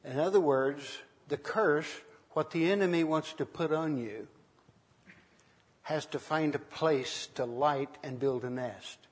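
Older man preaching in a reverberant hall. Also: on the high side. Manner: unhurried, conversational preaching with many pauses. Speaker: minister. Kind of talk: sermon teaching with personal stories.

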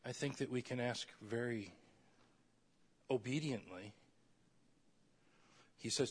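Husky man preaching with loud acted quotes. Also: medium pitch, measured pace, long pauses. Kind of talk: sermon.

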